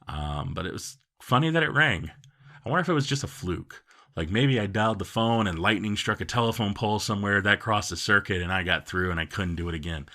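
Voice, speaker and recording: A man with a very deep, gravelly voice tells a comic story from his own life. His delivery rambles and he mocks himself, with a bright, forceful edge on the sound. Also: quick pace. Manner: rambling, self-mocking, full of fillers.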